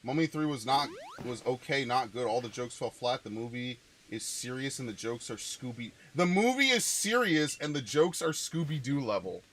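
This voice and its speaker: A man's voice: mid-range voice, big pitch swings, normal speed, few pauses, fairly bright tone, slight background noise. A young man rambling casually over gameplay, chatty and swearing offhand. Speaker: gaming channel host.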